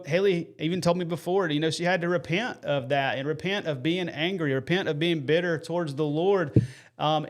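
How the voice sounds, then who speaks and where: A man, hosting a live faith stream with earnest, folksy talk and shout-outs to viewers. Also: fairly high pitch.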